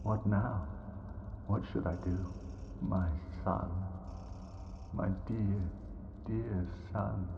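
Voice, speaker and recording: A man voicing a despairing knight in game dialogue, speaking in a mournful, halting way. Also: fairly low pitch, fairly even intonation, creaky, heavily acted. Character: despairing middle-aged knight, broken and grieving. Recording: dull, echoey game audio with noise.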